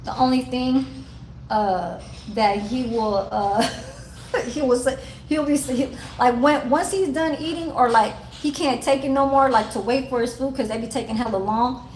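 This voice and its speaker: A woman's voice: high voice, unhurried, a little mellow, a little hiss or hum, poor audio. A woman who works in a care-home kitchen, chatting loosely and rambling, with plenty of cussing. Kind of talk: casual vlog chat.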